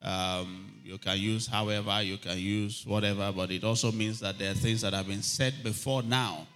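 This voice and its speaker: Bright-voiced male preacher. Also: fairly low pitch, fairly even intonation, normal speed, few pauses. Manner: calls for amens from the congregation; reads scripture aloud with rising emphasis. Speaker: pastor. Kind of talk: sermon.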